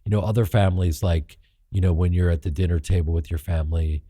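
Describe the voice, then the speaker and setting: A man's voice: deep voice, fairly even intonation, fast talker, warm tone, no echo, studio quality. A middle-aged man from Chicago, a guest actor telling candid stories in an interview, acting out the people he quotes in raised, profane voices. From Chicago, United States.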